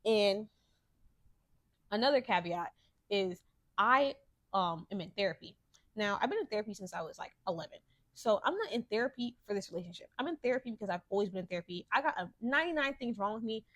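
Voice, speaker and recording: A woman's voice: medium pitch, expressive, brisk, fairly bright tone, no room sound. Young woman podcaster, dry close sound. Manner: candid, profane storytelling, grows heated when ranting. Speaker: podcast host. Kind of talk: casual monologue.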